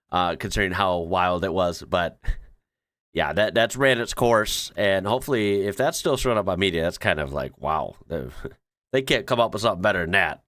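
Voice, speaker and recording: Chatty low-voiced American man. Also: fairly bright tone, dry recording, studio quality. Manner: chatty, rambling, self-correcting. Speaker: channel host. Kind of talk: casual reaction commentary.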